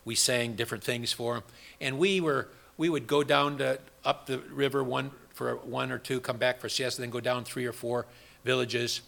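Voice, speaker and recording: A man's voice: mid-range voice, fairly even intonation, moderate pace, vocal fry, a bit bright. A man preaching an interactive Bible study sermon, rambling with restarts and quizzing his congregation with questions.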